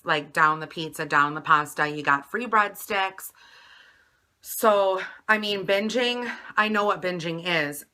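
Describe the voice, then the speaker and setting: Bright, chatty woman vlogger. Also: lowish voice. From Wisconsin, US. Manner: chatty, rambling, full of "like" and "um". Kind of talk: confessional weight-loss vlog.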